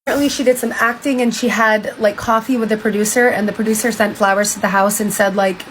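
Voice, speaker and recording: A young woman talks straight into her phone, retelling a story in a loose, chatty way and peppering it with "like". Her pitch sits in a middle range. A faint hiss of noise runs under the recording. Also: fairly even intonation, fast talker, fairly bright tone, poor audio. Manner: chatty, lots of "like", reacts with disbelief. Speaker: TikTok storyteller. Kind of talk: casual retelling of a book.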